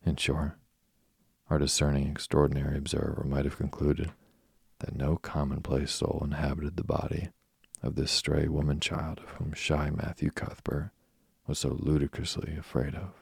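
A man narrating a classic novel as a slow, even bedtime story. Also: very deep voice, creaky, breathy edge, no room sound, studio quality.

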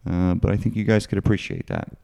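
Low-voiced relaxed male podcast host. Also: vocal fry. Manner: relaxed, halting, many fillers. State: early-morning husky voice. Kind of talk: casual interview and sponsor read.

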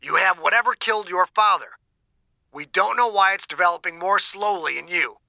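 A man's voice: high-pitched, brisk, gravelly, sharp tone, no echo, pitched above the performer's own voice, exaggerated voice. A man voicing a blunt, cold male doctor.

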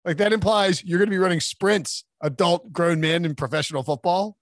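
A man's voice: high voice, a little fast, no echo, studio quality. A man co-hosting a sports podcast in casual chat, wry and joking as he pokes fun at coaching clichés.

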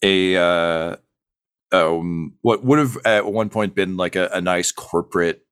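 Guy running a tabletop game, lowish voice, dry close sound, lots of um and uh. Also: takes it slowly, a bit bright, smooth, no echo. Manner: rambling, full of ums and uhs. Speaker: game master.

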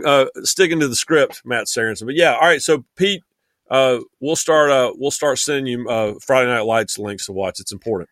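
A man's voice: mid-range voice, a little fast, a bit bright, dry recording. A man chatting as a guest on a sports podcast, rambling with many restarts and fillers. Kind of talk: casual chat.

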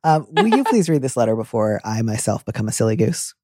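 A man hosting a casual advice podcast talks things through in a playful, joking way, with animated impressions. He's a fast talker with a warm, mellow, middle-pitched voice, recorded dry and close with no room echo.

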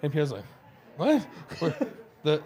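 A man recalling a team trip in a relaxed, rambling conversational way. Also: a little high, slow pace. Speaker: former hockey player, guest. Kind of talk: casual chat.

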